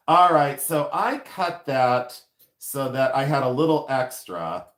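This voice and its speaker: Laughing often, a silversmith banters with his livestream audience while demonstrating in his jewelry studio. His medium-pitched voice is expressive and a bit bright, and his pace is slow.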